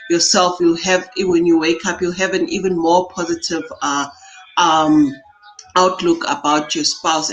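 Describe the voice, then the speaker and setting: A woman's voice: lowish voice, low-quality recording. Chatty woman life coach guest. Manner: earnest, chatty, lots of "you know". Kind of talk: interview chat.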